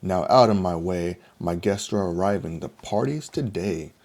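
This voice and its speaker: A man's voice: deep voice, moderate pace, darkish tone. A man voicing a bossy, grumpy witch in a storybook read-aloud, speaking in a snappish, commanding way.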